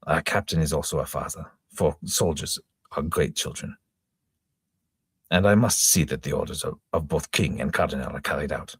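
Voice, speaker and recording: A man's voice: extremely low pitch, moderate pace, slightly rough, no room sound, clean studio sound, exaggerated voice. A man voicing a stern, commanding middle-aged male captain, speaking raised and emphatic. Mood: fatherly.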